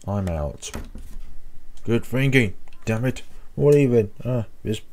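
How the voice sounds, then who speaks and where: A man's voice: fairly low pitch, expressive, slow pace. A young man playing a horror game, reading the dialogue aloud and adding sarcastic, joking asides. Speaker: let's play gamer.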